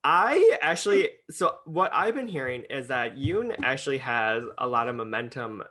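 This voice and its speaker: Young male co-host, casual and chatty, bright and lively in pitch. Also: normal speed. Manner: chatty, lots of fillers and laughter. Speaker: podcast co-host. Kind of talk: casual chat.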